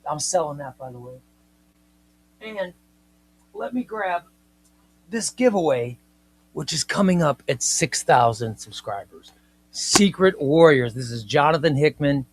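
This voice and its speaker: Chatty man hosting a live stream. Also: sits high. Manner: playful, mock-indignant, chatty and excitable. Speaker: host of a live comics stream. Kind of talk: casual live-stream chat reading viewer comments.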